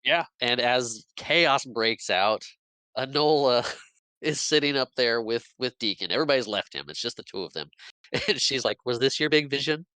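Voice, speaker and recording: A man's voice: medium pitch, expressive, moderate pace, pushed and bright, clean tone, dry recording, rough recording. A man on a podcast casually retelling a movie plot, jumping into quoted lines and laughing often. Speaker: podcast co-host recapping a movie. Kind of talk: casual chat.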